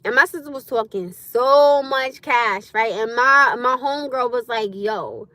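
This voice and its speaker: A woman chatting loudly and bluntly on a live stream from inside her car, laughing often. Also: fairly high pitch, unhurried, dry recording. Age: adult with a school-age son. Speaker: livestreamer. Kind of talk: casual live-stream chat.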